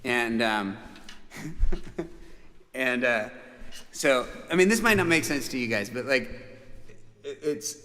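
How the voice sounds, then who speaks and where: A musician hosting his own livestream from a room called the bunker tells a family story, rambling and chuckling with lots of fillers and restarts. His medium-pitched voice is animated, bright, and forceful, but slow with long pauses, and the recording has long reverb.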